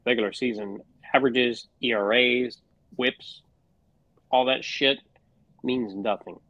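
A man's voice: medium pitch, steady tone, unhurried, a bit bright, no room sound, lo-fi sound. A man co-hosting a casual sports podcast, ranting with lots of swearing. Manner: profane, fired-up rants. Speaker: podcast co-host.

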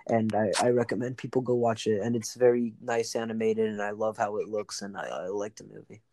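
A man's voice: on the low side, level tone, brisk, warm tone, no room sound. Rambling young man in casual chat. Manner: rambling, full of fillers and laughs.

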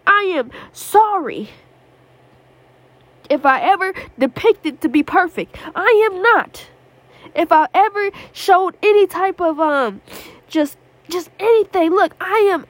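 Woman podcast host, high voice, fervent repetitive prayer, dry close sound from a small prayer closet. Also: dry recording. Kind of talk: impassioned spoken prayer and exhortation.

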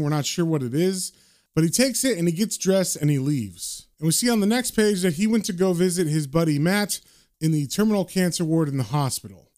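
A man's voice: a little high, a little mellow. A man giving a casual, informal recap of a comic book, swearing freely.

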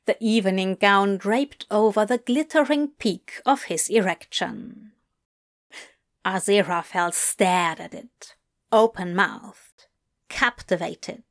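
A woman narrating a romance story in an unhurried, expressive reading voice. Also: medium pitch. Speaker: story reader. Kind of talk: audiobook narration of fan fiction.

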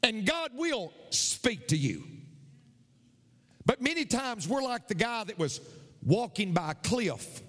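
A man's voice: high voice, very animated, slow pace, long pauses, a bit bright, long reverb tail. A male pastor preaching a sermon, repeating his points with emphasis.

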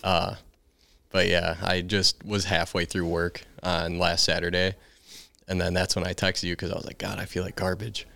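A man's voice: deep voice, flat delivery, moderate pace, vocal fry, pushed and bright, no room sound. A young man, a podcast guest from Illinois, telling stories in a laid-back, casual way with frequent laughs. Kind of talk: casual chat.

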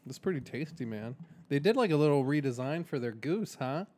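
A man's voice: mid-range voice, expressive, brisk, darkish tone. A young man co-hosting a podcast, chatting in a joking, teasing, slangy way. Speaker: podcast co-host. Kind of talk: casual chat.

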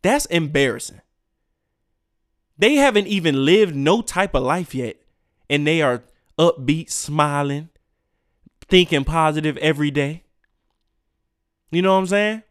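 Man hosting a solo rant podcast, slightly high voice, dry close sound, cursing and emphatic. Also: unhurried, pauses often, clear, resonant tone, no echo. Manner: profane, emphatic, animated swings between loud and quiet. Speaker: podcast host. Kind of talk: solo ranting podcast monologue.

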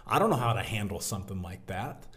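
A man in his thirties telling a story from his working life as a guest in a casual interview, animated and talking like a buddy. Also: on the low side, fast. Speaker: podcast guest, business owner.

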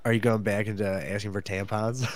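A man's voice: fairly low pitch, flat delivery, a little fast, no echo. Dry-sounding man teasing his co-host. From American Midwest. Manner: dry, teasing, laughs often. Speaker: podcast co-host. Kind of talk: casual chat.

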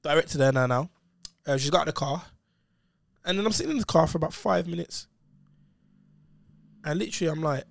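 A man's voice: fairly high pitch, a little fast, gravelly, pauses often, dry recording. A man telling a story in casual chat, full of slang and swearing and acting out what other people said.

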